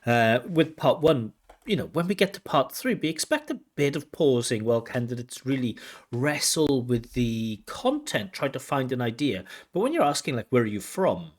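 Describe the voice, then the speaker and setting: A man's voice: mid-range voice, sing-song, moderate pace. A man, an examiner explaining a candidate's speaking test in a teaching manner. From Wales. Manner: explanatory, imitates intonation with tut sounds. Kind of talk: spoken exam feedback lesson.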